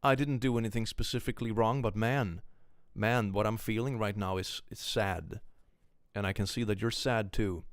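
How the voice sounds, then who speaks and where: A man's voice: on the low side, fairly even intonation, normal speed, dry recording, natural voice. A man putting on the voice of an insincere online creator giving a vague, syrupy, overly earnest apology. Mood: fake contrite.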